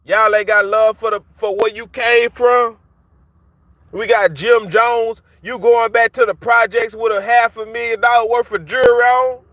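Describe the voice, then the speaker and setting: A man's voice: extremely high pitch, steady tone, moderate pace, dry recording. A man ranting to camera in heated, repetitive street talk, taunting and mocking the people he calls out. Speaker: vlogger ranting at rappers. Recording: dull dry lo-fi sound.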